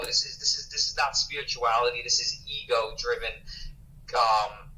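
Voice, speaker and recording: Male livestream ranter, piercing bright tone, profane and emphatic, set back from the mic with faint noise behind. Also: medium pitch, normal speed, far from the mic, low-quality recording. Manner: emphatic, profane, repeats words, calls listener bro. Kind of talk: heated casual livestream rant.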